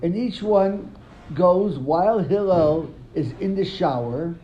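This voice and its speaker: Male Talmud teacher, slightly high voice, lively classroom retelling with repeated words, dull lo-fi recording. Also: measured pace. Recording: dull lo-fi sound, faint room ambience.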